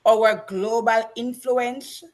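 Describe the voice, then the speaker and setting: A woman's voice: a little high, fairly even intonation, slow pace. Earnest Jamaican woman interview guest. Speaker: guest, teacher. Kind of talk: casual interview testimony.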